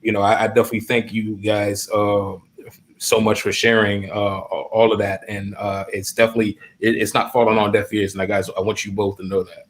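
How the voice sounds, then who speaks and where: A male host speaking in casual interview talk, halting with many restarts. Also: on the low side, flat delivery, slight background noise.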